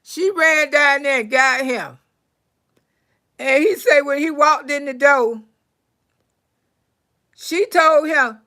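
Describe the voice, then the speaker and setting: A woman telling stories and praying for her live chat, swinging from loud to soft. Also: high-pitched, unhurried. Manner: animated storyteller, swings from loud to soft prayer. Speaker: comedian livestream host.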